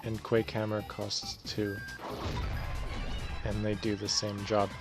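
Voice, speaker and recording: With music behind him, a man with a lowish voice speaks slowly as he hosts a let's play. His game commentary is laid-back and wandering, full of self-corrections.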